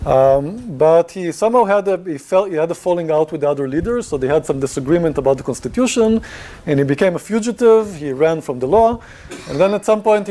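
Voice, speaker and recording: Lecturer man with a mellow voice. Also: on the high side. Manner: conversational, many fillers, asks class questions. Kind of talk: university lecture.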